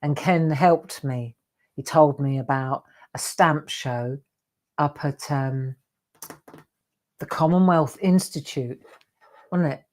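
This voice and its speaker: Older woman, lower voice, chatty craft livestream host. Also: slow pace, long pauses, darkish tone. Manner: chatty, rambling, reads out viewer comments. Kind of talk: casual livestream chat with viewers.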